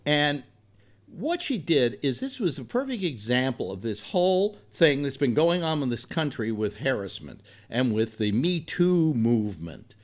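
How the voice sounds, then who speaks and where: Older male talk host, blunt and profane rambling storyteller, lively animated delivery. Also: medium pitch, unhurried. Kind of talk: rambling personal anecdote.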